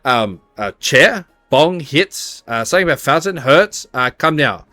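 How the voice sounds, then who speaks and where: A flustered young woman guard, as a man puts her on, hesitant and halting, pitched above his own voice. Dry, close sound. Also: animated, bright, forceful tone, dry recording. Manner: hesitant, filler-heavy.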